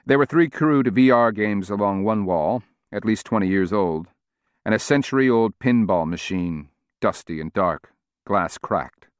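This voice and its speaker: A man reading a novel aloud in a measured, steady audiobook narration. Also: on the low side, clear, resonant tone, no room sound.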